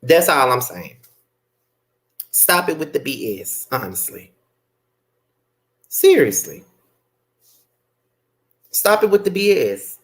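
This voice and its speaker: A woman giving a blunt, sassy live recap, swearing freely and breaking into sharp outbursts. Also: big pitch swings, slow pace, long pauses. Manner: rants with sudden high-pitched outbursts. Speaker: live-stream show reviewer. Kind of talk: unscripted live recap commentary.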